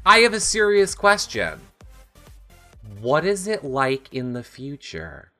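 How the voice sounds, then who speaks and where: A man hosting an online interview show, playful and excitable. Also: a little high, slow, faint music behind. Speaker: host.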